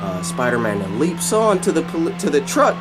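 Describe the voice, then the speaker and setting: A man's voice: fairly high pitch, very animated, normal speed, loud music behind the voice. A man casually retelling a film scene by scene, rambling and repeating himself as he goes. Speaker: video host.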